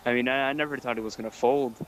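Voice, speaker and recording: A man with an average voice recounts a memory for an interview. He talks in plain, halting sentences full of fillers, and faint background noise sits behind him. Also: mid-range voice, steady tone, low-quality recording. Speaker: wrestler. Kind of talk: shoot interview.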